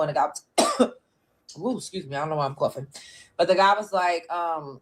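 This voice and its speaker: A woman's voice: fairly low pitch, very animated, moderate pace. A woman host giving casual commentary, chatty and retelling events with quoted voices.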